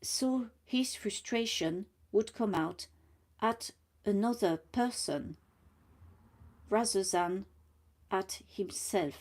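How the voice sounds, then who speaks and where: Slow husky woman, half-whispering. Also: medium pitch, a little mellow. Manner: slow and deliberate, often drops to a whisper; stumbles over words, repeats them. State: mucus in throat and blocked nose. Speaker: vlogger. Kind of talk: casual personal monologue.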